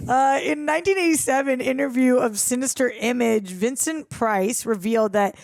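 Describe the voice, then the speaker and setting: A woman's voice: sits high, moderate pace, gravelly, a little mellow, dry recording. A young adult woman co-hosting a movie reaction show, chatting casually, reading out trivia and laughing often. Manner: giggly, repeats a running joke, often laughs mid-sentence.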